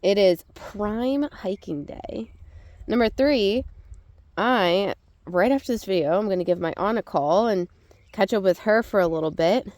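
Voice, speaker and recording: A young woman hosts a casual gratitude vlog outdoors on a rural property, chatting at a measured pace in a slightly mellow voice. When she calls to her animals, she slips into a high sing-song. There's no room sound.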